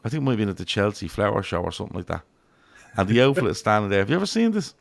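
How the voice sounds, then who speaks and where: A man's voice: fairly low pitch, big pitch swings, racing, gravelly. An Irish man hosting a casual football chat podcast, rambling and swearing freely as he tells stories. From Ireland. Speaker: podcast host.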